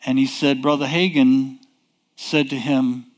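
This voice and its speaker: A man preaching a sermon, emphatic and deliberate, posing rhetorical questions and answering them himself. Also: mid-range voice, level tone.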